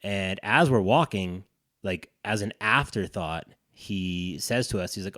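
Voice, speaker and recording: Low-voiced man telling a rambling story. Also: measured pace, no echo, clean studio sound. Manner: profane, animated storyteller. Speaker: podcast co-host. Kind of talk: casual storytelling chat.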